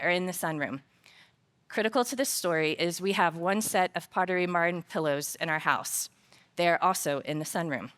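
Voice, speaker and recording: A woman's voice: mid-range voice, clean tone. Woman telling a story in a faith talk. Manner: storytelling, lively personal anecdotes told with humor; earnest and reflective when drawing the lesson. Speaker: conference speaker. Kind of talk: faith-based workplace talk. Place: conference stage.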